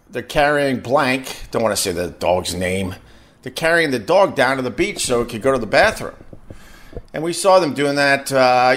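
A man's voice: medium pitch, a bit bright. A middle-aged man, a podcast host, telling a long casual story and stumbling over and repeating his words as he goes.

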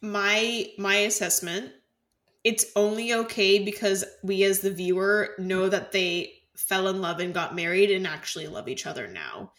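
A woman with a bright, forceful voice, talking casually as co-host of a podcast. She is chatty and laughs easily, at a middling pitch. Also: measured pace. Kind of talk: casual chat.

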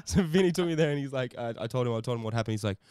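A man co-hosting a podcast, telling a story in animated, casual chat, swearing often and laughing a lot. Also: medium pitch, racing, clean tone, no echo, clean studio sound. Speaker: podcast co-host.

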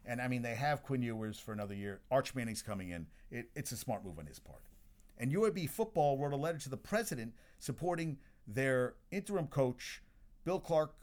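A man's voice: medium pitch, big pitch swings, fairly quick, a little mellow. A man hosting casual sports talk, blunt and opinionated, swearing freely as he runs through the news.

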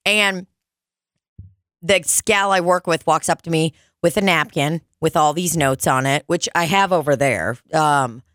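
A woman's voice: a little slow, no room sound, clean studio sound. A woman hosting a podcast, telling stories in casual chat with lots of swearing and acted-out voices. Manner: profane, animated, acts out customers in high squeaky voices. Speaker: podcast host.

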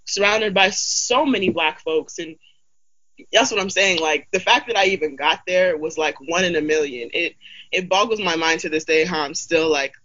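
A young woman from Idaho talks candidly in a casual chat, peppering every thought with "like". Her voice is bright and forceful. The recording is a little dull and lo-fi. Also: fairly low pitch. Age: young adult. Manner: animated, candid, heavy use of 'like'.

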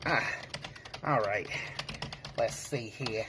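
A man's voice: on the low side, very slow. A young man rambles through a comedic sketch monologue in a flustered, whiny panic. Keyboard clatter and a faint hiss sit behind him. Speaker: comedy skit performer.

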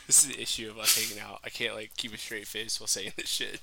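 A man's voice: on the low side, level tone, quick pace, creaky, hardly any pauses, heavy background noise. A young man co-hosting a podcast, chatting casually, laid-back and teasing, swearing and laughing often. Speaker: podcast co-host. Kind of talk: casual banter.

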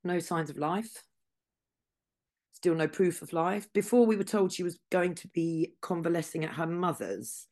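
A woman's voice: lowish voice, measured pace, darkish tone. Chatty Scouse woman hosting news. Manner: chatty, sarcastic asides. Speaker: news show host. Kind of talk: casual news chat.

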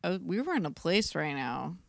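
A woman co-hosting a podcast with a lowish, gravelly voice that slips into fry. She rambles loosely, swears freely and leans on "like" in nearly every sentence, recorded dry and close. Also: big pitch swings, moderate pace, no room sound. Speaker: podcast co-host. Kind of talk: casual chat.

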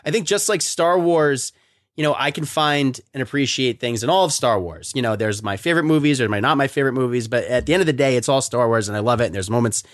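Casual podcast host, lively swinging pitch, close dry mic, chatty and quick to laugh. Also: male voice, dry recording. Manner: animated, quick to laugh, then reads notes. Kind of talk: casual chat. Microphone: close studio mic.

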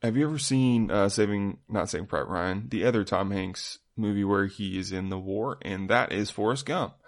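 A young man with a lowish voice co-hosts a casual podcast. He jokes and teases his co-host in relaxed, playful banter. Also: moderate pace. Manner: joking, playful.

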